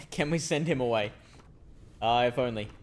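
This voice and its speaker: A man's voice: medium pitch, normal speed, slight background noise. A man streaming a game live, chatting and thinking aloud with frequent restarts. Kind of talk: live gameplay commentary.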